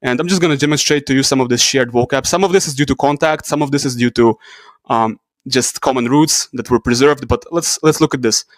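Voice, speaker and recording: Guy explaining stuff casually, mid pitch, dry close sound. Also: fairly quick, no room sound. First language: Russian. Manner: casual, explains with asides and self-corrections. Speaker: YouTube channel host. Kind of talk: educational talk.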